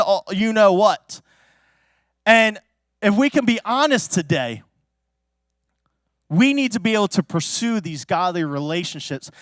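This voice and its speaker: A male pastor preaching a sermon through a personal story, chatty and full of fillers, with sudden excited exclamations. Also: high-pitched, no room sound, clean studio sound. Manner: casual and chatty, many fillers like "like" and "you know"; animated, bursts into loud excited exclamations.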